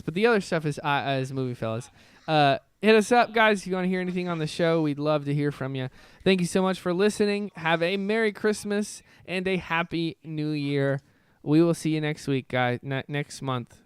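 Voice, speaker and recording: A man's voice: a little high, fairly quick, clear, resonant tone, no room sound. A man hosting a podcast in casual chat, upbeat and chatty, tripping over his words now and then. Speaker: podcast host.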